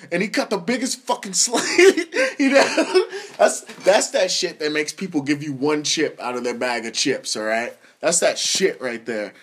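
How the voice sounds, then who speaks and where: A young man hosting a podcast, telling comedic stories in a profane, animated way and laughing as he goes. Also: on the high side, slightly rough. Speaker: podcast host. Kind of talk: comedic storytelling monologue.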